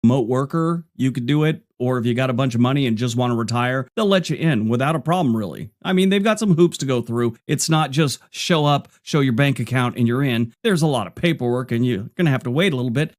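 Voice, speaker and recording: A man's voice: medium pitch, animated, fast talker, few pauses. A middle-aged man narrating a scripted travel countdown, with wry joking asides.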